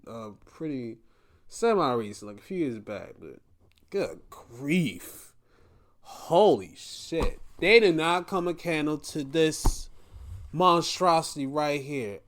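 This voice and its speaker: A young man hosting a podcast, giving a profane, exasperated rant in casual commentary. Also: fairly high pitch. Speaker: podcast host.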